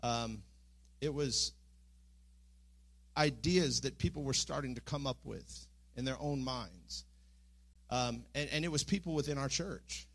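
A man's voice: mid-range voice, measured pace, gravelly, pauses often, fairly bright tone. A middle-aged man, preaching a sermon in a church with earnest speech that rises into impassioned pleading. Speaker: pastor. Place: church sanctuary.

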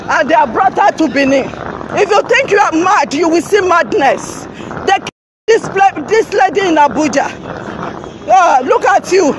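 Nigerian woman, street livestream on a phone, confrontational and repetitive, shouting over a faint crowd. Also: extremely high pitch, background noise. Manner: shouting, confrontational, repeats herself urgently. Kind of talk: live-streamed street confrontation. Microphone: phone held while live streaming.

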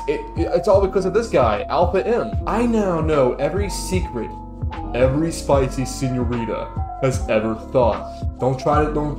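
A man doing sarcastic, profane comedic commentary on a video, ranting in mock outrage and mock awe. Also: medium pitch. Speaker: commentary youtuber. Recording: echoey room with music underneath.

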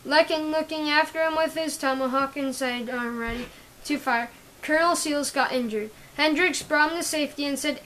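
High-voiced woman reading her own story haltingly. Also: a bit bright, slight background noise, rough recording. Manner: halting, often restarting and correcting words. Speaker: story reader.

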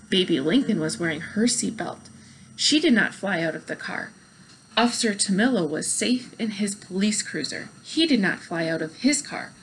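A woman teacher reading a children's book aloud in a clear, expressive storytelling manner. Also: medium pitch, slight background noise, rough recording.

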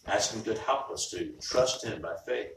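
A man's voice: lowish voice, normal speed, background noise. A man preaching a sermon as pastor in a conversational style, often restarting his words as he speaks. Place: church sanctuary. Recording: far-off mic in echoey church.

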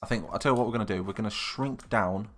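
Chatty young British man, low voice. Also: fast. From Britain. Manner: chatty, unsure, thinks aloud and answers viewers' comments. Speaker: live streamer. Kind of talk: casual live-stream chat while mapping.

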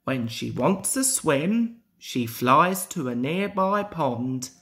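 A man's voice: fairly high pitch, animated, slow pace, a bit bright. A young man reading a children's railway storybook aloud, carefully. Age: young adult.

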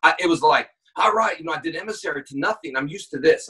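Animated man telling stories on a call, distant. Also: on the high side, fast, slightly rough. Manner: animated storyteller, acts out shouts and quoted lines. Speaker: guest actor. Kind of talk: casual chat. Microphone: phone call.

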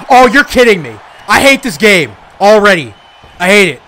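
A young man with a high, bright voice narrates his own gameplay live. His pitch swings widely as he gets worked up, shouting and trash-talking at the screen in frustration. A faint hiss sits under the recording. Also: very animated, normal speed. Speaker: gaming YouTuber.

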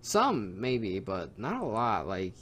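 A man's voice: lowish voice, huge pitch swings, slow pace, background noise. A young man co-hosting a podcast, chatting casually with loose, profane banter. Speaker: podcast co-host. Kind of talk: casual chat.

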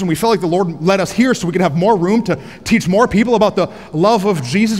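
A pastor preaching a sermon on a headset mic in a large church auditorium, energetic and joking, rising to shouts for emphasis. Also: male voice, high-pitched, long reverb tail.

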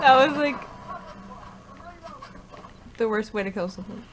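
A woman playing a video game at home, chatting casually in a flustered, self-mocking way about how badly she is doing. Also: a little high. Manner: flustered, self-mocking, laughs at her own play. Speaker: gamer. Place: home, in front of a TV. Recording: noisy game audio behind.

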